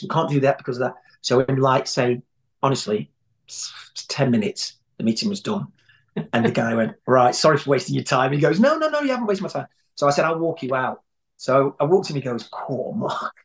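A man telling long anecdotes in a rambling, conversational way as an interview guest. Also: mid-range voice. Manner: rambling storyteller, many restarts.

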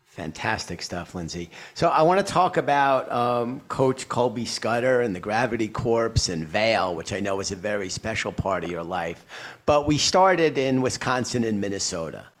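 A man's voice: on the low side, lively intonation, moderate pace. Chatty New York interviewer, man. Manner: enthusiastic, leading long questions. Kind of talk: conversational interview.

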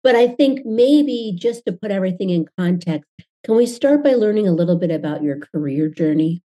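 A woman's voice: medium pitch, expressive, moderate pace, warm tone. A woman hosting an interview podcast, introducing her guest and asking questions in an enthusiastic, friendly way. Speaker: podcast host.

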